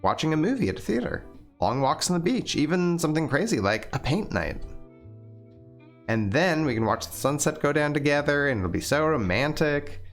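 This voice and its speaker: A man's voice: on the high side, big pitch swings, moderate pace, faint music behind, pitched above the performer's own voice. Violet, a man doing a genteel young woman. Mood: gentle. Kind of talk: reading a visual novel aloud.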